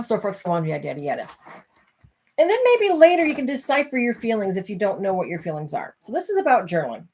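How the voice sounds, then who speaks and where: A woman's voice: medium pitch, a little mellow, breathy edge. A tired middle-aged woman hosting a late live stream about her self-help book, rambling and apologetic as she yawns. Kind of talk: casual live-stream talk.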